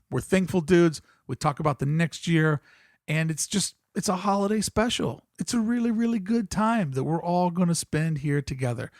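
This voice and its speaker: An energetic podcast host delivers a chatty promo in a slightly high, gravelly voice. The recording is dry and close. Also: male voice, dry recording. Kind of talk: upbeat show promo.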